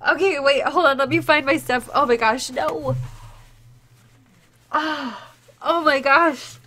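A woman's voice: high voice, slow pace, sharp tone. A woman streaming live to her viewers, gushing and tearful as she opens a gift, exclaiming often. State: tearful, close to crying.

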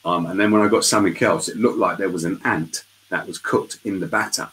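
Deep-voiced chatty man on a video call. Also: brisk, a little hiss or hum, poor audio. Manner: chatty, lively storyteller. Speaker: guest. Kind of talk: casual live interview chat.

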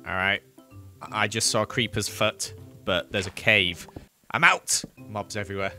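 A man's voice: on the low side, little pitch movement, moderate pace, bright, forceful tone, soft background music. A man giving casual, playful commentary over his own gameplay as a gaming video host. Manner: chatty, playful, jokey. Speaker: gaming youtuber.

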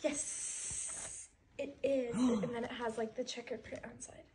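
A woman with a high voice unboxes a package in casual chat. She speaks slowly and lingers on each word. She keeps gasping and gushing over every item. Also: steady tone, noisy background. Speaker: brand ambassador unboxing a package.

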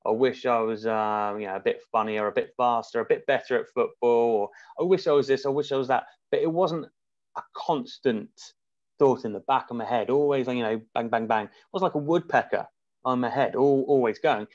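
A man talking as a podcast guest in casual conversation, reflective and halting, often restarting his sentences. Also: medium pitch, darkish tone, no echo. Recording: muffled dry remote audio.

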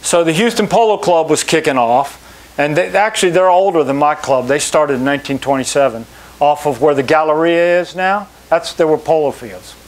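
Guy in his middle years spinning stories to a crowd, acts out the people in them, voice sits a bit high. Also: normal speed. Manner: animated storyteller, acts out quoted people. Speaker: country club general manager. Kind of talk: anecdotal talk to an audience.

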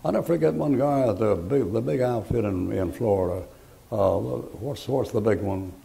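A man's voice: fairly low pitch, normal speed, creaky, crowd noise. An older man preaching a folksy, joking sermon, rambling through homespun stories.

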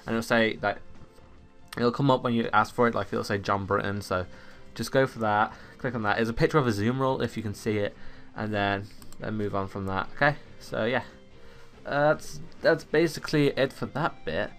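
A man's voice: fairly low pitch, moderate pace, fairly bright tone, faint music behind. A teenage boy, rambling through casual stories while commenting on an online game at home on a desktop USB mic. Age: teens. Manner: rambling, chatty storytelling. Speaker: gaming YouTuber. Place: home room. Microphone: USB desktop microphone.

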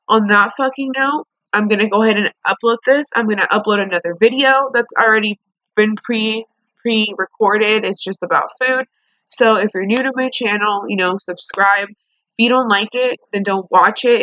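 A woman's voice: mid-range voice, bright, forceful tone, no echo, lo-fi sound. A young woman venting angrily in a storytime vlog, swearing a lot as she talks to the camera. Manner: angry venting, heavy swearing. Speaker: vlogger.

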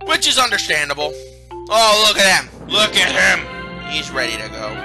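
A man's voice: high-pitched, lively intonation, moderate pace. A man hosting a video game let's play, commenting sarcastically and reading the characters' lines in silly voices. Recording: game music playing behind.

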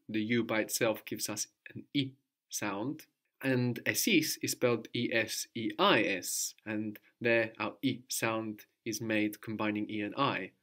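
A man teaching a language lesson, asking questions patiently and repeating his student's answers. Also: on the low side.

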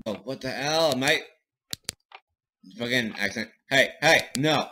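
A young man commenting on his own gameplay, excitable and loud, with frequent swearing outbursts. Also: mid-range voice, measured pace, long pauses, noisy background. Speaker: gaming video host. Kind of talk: game commentary. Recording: loud game music underneath.

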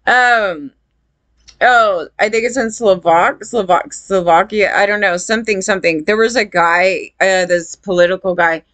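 A woman's voice: mid-range voice, normal speed, hardly any pauses, fairly bright tone, no room sound. Rambling, indignant woman, dry close sound. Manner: rambling and indignant, many fillers. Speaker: vlogger. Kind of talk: casual monologue to viewers.

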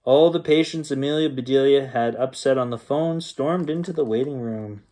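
A man reading a children's picture book aloud as a bedtime story, in a lively, expressive manner. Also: mid-range voice, moderate pace.

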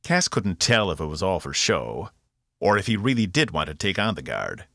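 Deep, gravelly male audiobook narrator. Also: moderate pace, no echo, clean studio sound. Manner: expressive, voices all characters. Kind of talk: scripted narration.

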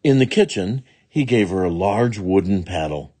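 A man reading a children's picture book aloud in a slow, expressive way. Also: deep voice, slightly rough. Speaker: storybook reader.

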